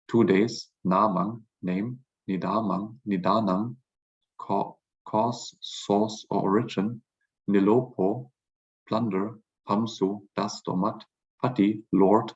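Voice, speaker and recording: A low-voiced, husky man lectures through a word list, saying each term twice before he glosses it. The sound is muffled and lo-fi. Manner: repeats each word slowly, then glosses it. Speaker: language teacher. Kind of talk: lecture reading vocabulary aloud.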